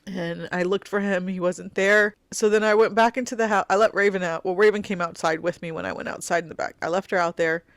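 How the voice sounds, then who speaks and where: A middle-aged woman hosting a podcast, telling a personal story in a halting, heartfelt way with many fillers and restarts. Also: lowish voice, steady tone, dry recording, studio quality. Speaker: podcast host.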